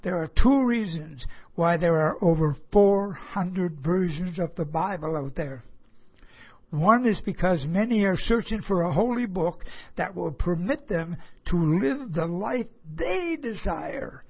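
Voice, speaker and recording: A man's voice: sits high, lively intonation, measured pace, slightly rough. A man preaching a sermon, earnest and rhetorical, asking his listeners questions and chuckling at himself. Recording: dull lo-fi recording.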